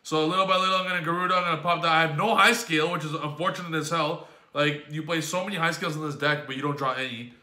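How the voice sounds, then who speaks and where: Man, gaming commentator, bright and forceful voice, rambling exasperated play-by-play, swears a lot, echoey room. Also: fairly high pitch, steady tone, quick pace. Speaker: YouTube gaming host. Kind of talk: card game commentary recap.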